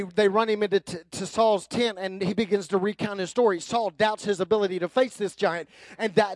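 A man preaching a sermon from the pulpit, emphatic and building into forceful runs. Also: high-pitched, no room sound. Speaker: pastor.

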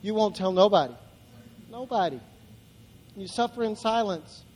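Male pastor, very high voice, emphatic preaching with repetition, long hall reverb. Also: a little fast, a little mellow. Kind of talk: sermon. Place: church.

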